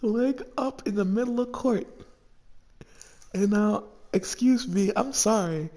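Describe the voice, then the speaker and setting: A man's voice: high-pitched, slow pace. A man giving casual let's-play commentary to his audience, swearing a lot and repeating himself as he reacts. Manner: profane, repetitive, animated reactions. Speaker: gaming channel host.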